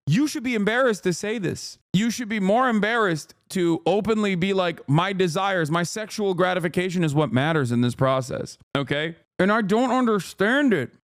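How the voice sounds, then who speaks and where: A man hosting a reaction stream, talking in a profane, animated and exasperated way, often restarting his sentences. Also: sits high, clear, resonant tone, dry recording, studio quality. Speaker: streamer host. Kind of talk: reaction commentary.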